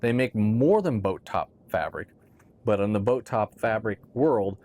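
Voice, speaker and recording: A man's voice: lowish voice, lively intonation, unhurried, a little mellow. A man casually explaining boat gear in a conversational how-to talk, often checking in with "right?". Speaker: boat owner explaining boat tops.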